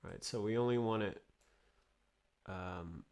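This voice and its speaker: A man's voice: lowish voice, a little mellow, clean tone. A man giving a casual home studio tutorial, thinking aloud and restarting sentences as he works. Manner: thinking aloud, halting with restarts while working. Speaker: music production tutor. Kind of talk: casual screen-recorded tutorial.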